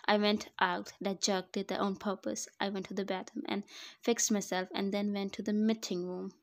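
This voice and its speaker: A woman narrates her own fan fiction in the first person, giving a conversational voice-over. Her voice is mid-range and level in tone, at a normal speed.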